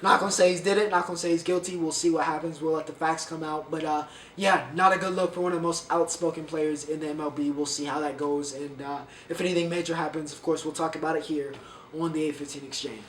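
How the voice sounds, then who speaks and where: Male podcast host, loose and rambling, slightly high-pitched, recorded a bit away from the mic with faint hiss. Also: level tone, fast talker, echoey room, distant mic. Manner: chatty, rambling, stumbles over names. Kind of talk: casual sports commentary.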